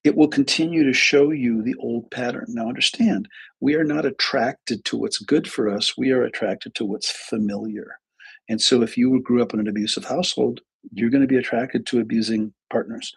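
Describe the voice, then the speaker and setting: Older male therapist, livestream storyteller, gravelly and husky, restarts often. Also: mid-range voice, steady tone, normal speed. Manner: rambling, repeats words, many restarts. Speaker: therapist and coach.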